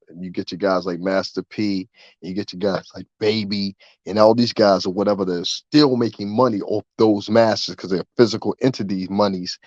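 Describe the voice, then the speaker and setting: A man talking straight to camera in a profane, rambling rant about the music industry, getting louder and more animated as he goes. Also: lowish voice, dry recording, dull audio. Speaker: vlogger. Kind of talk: ranting commentary.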